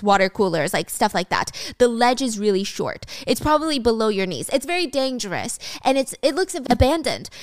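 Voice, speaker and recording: A woman's voice: fairly high pitch, no room sound. A young woman casually retelling a drama story, chatty with sarcastic asides, on a close mic. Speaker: drama recap narrator.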